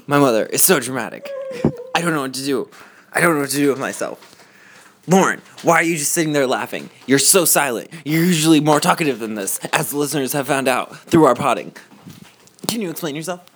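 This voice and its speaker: A man's voice: mid-range voice, animated, brisk, a bit bright. A man hosting a casual podcast, talking in a mock-outraged, theatrical way and swearing often. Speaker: podcast host. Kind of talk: casual joking podcast banter. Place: cold house.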